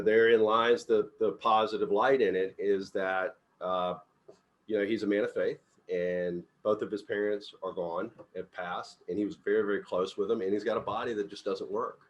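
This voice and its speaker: A man's voice: on the low side, moderate pace, slight background noise. A middle-aged man leading a team meeting as company CEO, giving a casual motivational talk and acting out the dialogue in his personal stories with upbeat energy. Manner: upbeat, animated storyteller who acts out dialogue.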